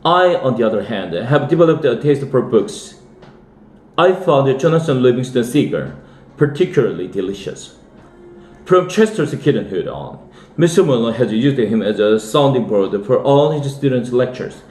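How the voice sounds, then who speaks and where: A man's voice: medium pitch, moderate pace. Man reading a storybook in an echoey room. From South Korea. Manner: steady read-aloud with lively dialogue. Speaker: English teacher reading aloud. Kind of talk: reading a children's novel aloud.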